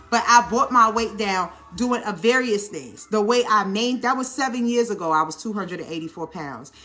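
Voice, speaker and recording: A woman with a New Orleans accent chatting casually while making a salad in a home kitchen, animated and coaching, often checking in with her viewers. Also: on the high side. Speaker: lifestyle vlogger. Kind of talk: casual cooking vlog talk.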